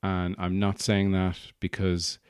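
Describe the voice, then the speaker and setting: A man's voice: low voice, monotone, takes it slowly, smooth, no room sound, studio quality. An Irish man hosting a podcast, rambling through a jokey comic monologue and slipping into put-on accents. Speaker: podcast host and stand-up comedian. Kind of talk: casual comedic monologue.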